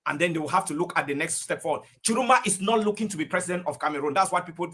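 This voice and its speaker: A man's voice: high voice, a bit bright, breathy edge. A man giving impassioned political commentary as a guest on a panel, emotional and rousing. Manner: emotional, rousing, rapid delivery. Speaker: diaspora commentator.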